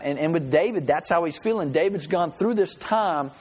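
Here is a man preaching in an easygoing, storytelling way, his voice a little husky and sitting slightly higher than most men's. He works through the scripture conversationally and often stops to restart a phrase. His delivery is informal rather than polished. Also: expressive, moderate pace, darkish tone. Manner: folksy storytelling with frequent restarts. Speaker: pastor. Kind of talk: conversational sermon.

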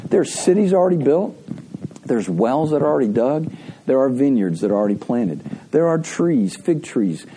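A man preaching from the pulpit in a husky, mellow voice pitched a little high. His delivery swings up and down with lively intonation, chatty and storytelling, laughing as he goes. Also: moderate pace. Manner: conversational, animated storytelling with frequent laughs. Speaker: pastor. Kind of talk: sermon.

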